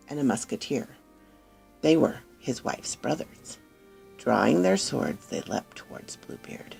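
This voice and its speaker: A woman narrating a dark fairy tale with expressive delivery that often drops into hushed whispers. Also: a bass voice, creaky. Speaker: storyteller. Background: faint music.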